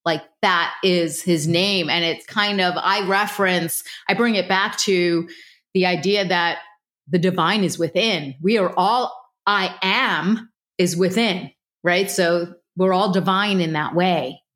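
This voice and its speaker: A woman's voice: on the low side, slow pace, fairly bright tone. A woman hosting an interview, casual and self-deprecating as she asks questions. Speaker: host. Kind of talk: interview conversation.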